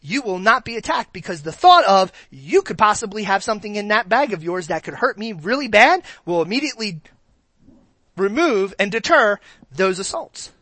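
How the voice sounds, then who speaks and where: Bright-voiced woman preaching, playful. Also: mid-range voice, moderate pace, no echo. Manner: lively, joking, acts out quotes in voices. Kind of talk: conversational sermon.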